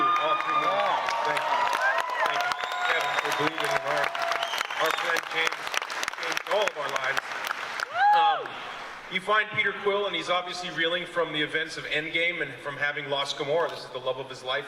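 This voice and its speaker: A man answering heartfelt and halting as an actor on a convention panel. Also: fairly high pitch, huge pitch swings, over a noisy crowd, very noisy. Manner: halting, heartfelt, searching for words. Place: large convention hall stage. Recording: echoey hall with long reverb.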